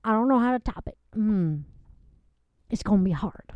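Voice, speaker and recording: A woman's voice: mid-range voice, lively intonation, moderate pace, dry recording, natural voice. A woman playing a folksy, lovestruck woman who rambles, gushes and gets tearful in a comedy bit. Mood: flustered. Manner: rambling, gushing, tearful, dialect-heavy. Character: folksy lovestruck Southern woman, giddy and emotional. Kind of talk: improvised comedy character bit. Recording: dull lo-fi recording.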